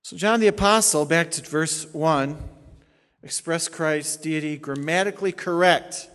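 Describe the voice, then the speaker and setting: A man's voice: fairly high pitch, a little slow, fairly bright tone. A male pastor teaching a sermon, explaining Greek grammar point by point with emphatic stresses. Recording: long hall reverb.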